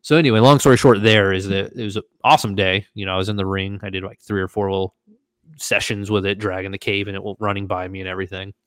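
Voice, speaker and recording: Casting note: male podcast host, lower register, lively storyteller who acts out quoted voices, dry close sound. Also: quick pace, clear, resonant tone, dry recording. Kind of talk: casual storytelling.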